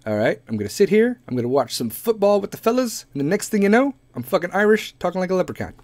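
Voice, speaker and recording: A man's voice: high-pitched, very animated, quick pace, a little mellow, dry recording, voice pushed up. A man voicing a laid-back guy watching football with his friends. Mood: breezy. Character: laid-back male football fan turned Irish.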